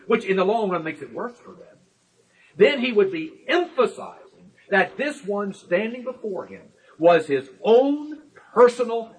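A man teaching a sermon on scripture in a deliberate, emphatic way, slowing down to stress key words and explaining step by step. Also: sits high, poor audio. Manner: explains step by step with everyday illustrations. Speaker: Bible teacher.

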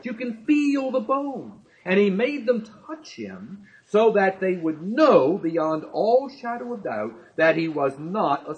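A male preacher with a high voice that swings widely as he stresses each point. He keeps hammering the same words again and again and throws rhetorical questions at the congregation. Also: breathy edge, lo-fi sound. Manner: emphatic, repetitive, asks rhetorical questions. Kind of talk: sermon.

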